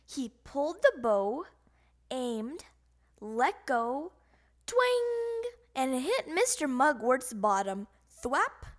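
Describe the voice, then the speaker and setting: A woman reading a children's storybook aloud, expressive and voicing sound effects. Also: high voice, drawn-out words. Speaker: audiobook reader.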